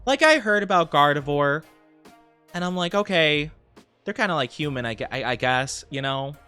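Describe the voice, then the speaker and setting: A man's voice: fairly high pitch, animated, normal speed, pushed and bright, clean tone, faint music behind. A bubbly, giggly young man chatting casually with his live-stream audience. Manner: bubbly and giggly, talking straight to chat.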